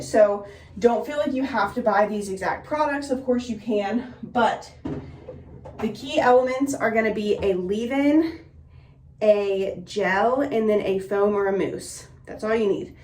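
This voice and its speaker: A young beauty vlogger with a fairly high, slightly mellow voice gives a relaxed hair tutorial, unhurried, chatty and friendly with many fillers. She sounds a bit out of breath. The recording echoes in the room and the mic is somewhat distant.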